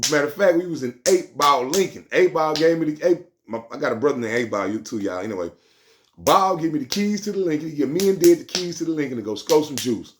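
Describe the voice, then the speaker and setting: A man's voice: medium pitch, lively intonation, fairly quick, slight background noise. A man telling a street story in casual slang, rambling and repeating himself.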